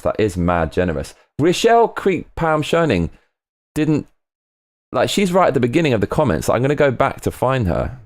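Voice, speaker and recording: A man casually chatting on a live stream, reading out viewer comments, excitable and swearing often, repeating himself. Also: mid-range voice, moderate pace.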